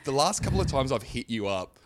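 Animated joking male podcast host. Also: mid-range voice, fairly quick, no room sound, clean studio sound. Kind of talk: casual banter.

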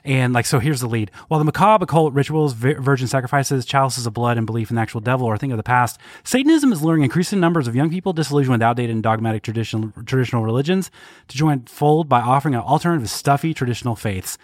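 A man's voice: mid-range voice, expressive, racing, no echo, clean studio sound. A man co-hosting a podcast, giving wry, joking commentary. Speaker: podcast co-host. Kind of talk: casual chat.

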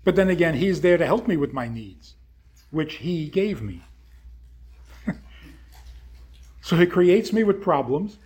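A man delivers a sermon in a husky, slightly higher voice, speaking in short punchy phrases. He moves at a deliberate, unhurried pace. His pitch rises and falls widely as he poses question after question. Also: expressive, a little mellow. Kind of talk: sermon-like talk.

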